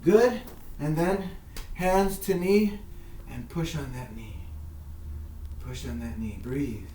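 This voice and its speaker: Slow-paced male yoga coach, echoey room. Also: fairly high pitch, mellow, a little hiss or hum. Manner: encouraging, repetitive coaching cues. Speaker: kids' yoga instructor. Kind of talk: guided workout instruction. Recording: echoey room, mic far off.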